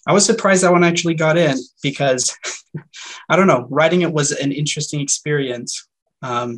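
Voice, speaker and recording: Young man, earnest unhurried poet. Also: a little high, fairly bright tone. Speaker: poet and student. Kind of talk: webinar panel conversation. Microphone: video call.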